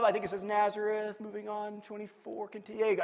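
A man preaching a sermon, animated and acting out scenes with shifting voices. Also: sits high, fast talker, creaky, hardly any pauses, in a large hall. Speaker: pastor.

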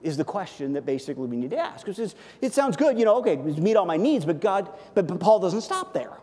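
A man preaching a sermon as a pastor, conversational and animated, often checking in with "okay?". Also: high-pitched, brisk. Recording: long hall reverb.

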